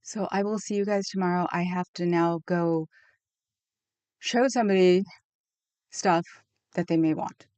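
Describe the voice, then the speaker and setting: A woman's voice: fairly low pitch, fairly even intonation, measured pace, long pauses, darkish tone, clear, resonant tone, no echo. A woman live streamer chatting casually with her viewers in a rambling way, laughing often and reacting to the chat.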